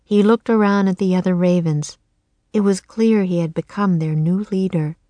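A woman's voice: fairly low pitch, normal speed, no room sound. Woman narrating a storybook. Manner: clear, steady storytelling.

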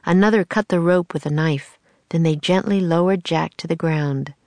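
A woman narrating a children's storybook in a steady reading voice, switching into voices for the characters. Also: on the low side, normal speed, dry recording. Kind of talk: scripted narration of a children's book.

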